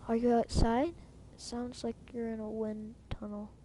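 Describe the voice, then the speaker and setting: A woman quietly reading a mother's lines aloud from a game, with a plain, flat delivery. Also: fairly high pitch, unhurried, a little hiss or hum, natural voice. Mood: dry teasing. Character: mother of a grown woman, teasing. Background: game music.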